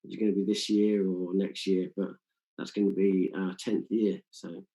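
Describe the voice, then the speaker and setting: A man with a Nottingham accent speaks in a fairly low voice. He is a local music promoter in a casual interview, and he keeps stopping for fillers and restarts. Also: level tone, warm tone, poor audio. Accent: Nottingham English. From England. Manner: halting, many fillers.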